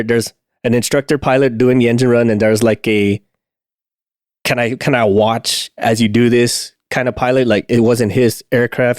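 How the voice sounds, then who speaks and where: A man's voice: medium pitch, a little mellow, dry recording. Guy rambling thru an aircraft fire story, lots of um and uh, laughs a bunch, dead dry sound. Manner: rambling, many fillers and restarts, laughs often. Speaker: podcast co-host, aircraft maintenance technician. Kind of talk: casual storytelling chat.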